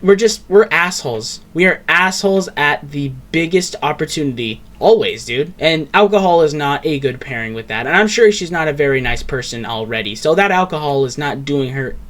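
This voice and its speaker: A man's voice: on the high side, fairly bright tone. Exasperated young man ranting in commentary. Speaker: reaction commentator. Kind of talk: casual reaction commentary.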